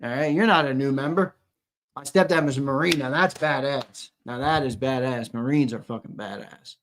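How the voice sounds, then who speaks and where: A young man co-hosting a live fan show reads comments and chats loosely with viewers, swearing and repeating his lines. His voice is mid-range at normal speed, with a little hiss or hum in the recording.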